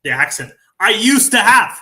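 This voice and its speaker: A man's voice: high-pitched, very animated, normal speed, sharp tone. A man from the UK, a guest in a casual interview, chatty and self-deprecating with many fillers. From United Kingdom. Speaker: guest, NFT project creator.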